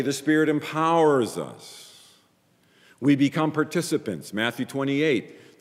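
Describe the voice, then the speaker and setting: A man preaching a sermon as a pastor, emphatic, repeating phrases in pairs and swinging between loud and quiet. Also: fairly high pitch, long reverb tail.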